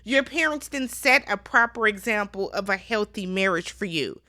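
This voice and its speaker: Sassy bright-voiced woman recapping TV. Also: mid-range voice, normal speed. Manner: sassy, animated commentary with exclamations. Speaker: recap show host. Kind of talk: casual chat recapping a TV show.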